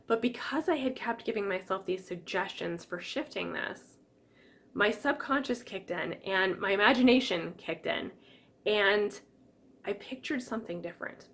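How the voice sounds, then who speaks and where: A woman coaching stress relief in a lively teaching manner, acting out little quoted reactions as she explains. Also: medium pitch, moderate pace. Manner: lively, acts out quotes with exclamations. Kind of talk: teaching an online class.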